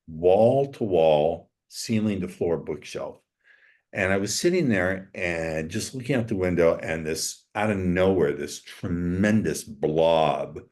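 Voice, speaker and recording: A man's voice: sits low, a little mellow. An older man, an interview guest, telling a story in a blunt, emphatic way and swearing freely. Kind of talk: casual storytelling.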